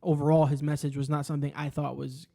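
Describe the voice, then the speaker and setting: A man co-hosting a casual podcast, telling stories in a joking, profane, animated way. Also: on the high side, quick pace, creaky. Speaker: podcast co-host.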